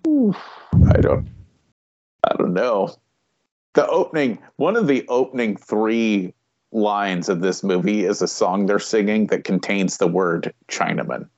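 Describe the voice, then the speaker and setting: A man's voice: lowish voice, lively intonation, unhurried, a little mellow, dry recording, highs cut off. A man co-hosting a podcast, talking bluntly and swearing freely in a casual movie chat. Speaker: podcast co-host.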